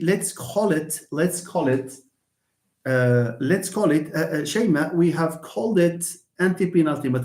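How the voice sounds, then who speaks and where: Animated man teaching word stress. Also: on the high side. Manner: animated, switches into Arabic, mimics wrong stress. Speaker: English teacher. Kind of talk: live online lesson. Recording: roomy echo.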